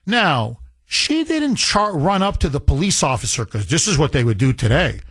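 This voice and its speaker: A man hosting talk radio, telling a story in an animated way into a studio microphone. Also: on the high side, normal speed, hardly any pauses, breathy edge, dry recording.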